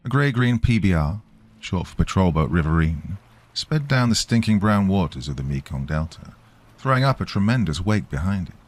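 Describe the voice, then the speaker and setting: A man's voice: low voice, big pitch swings, normal speed. A man narrating a scripted story in a dramatic storytelling manner.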